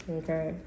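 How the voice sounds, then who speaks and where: This tarot reader's voice is on the low side with a dark tone. Facing the camera for a casual reading, she speaks bluntly, curses freely, and fills her speech with fillers, all in a roomy, echoing space with faint noise.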